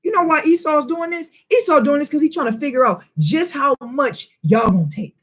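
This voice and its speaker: A man's voice: very high voice, fairly quick, fairly bright tone. A man teaching a Bible study in informal preaching style, emphatic and full of rhetorical questions and street slang.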